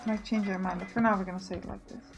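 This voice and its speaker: A woman's voice: mid-range voice, fairly even intonation, rapid-fire, vocal fry, dull audio, soft background music. A woman giving casual let's play commentary, thinking aloud and correcting herself as she plans.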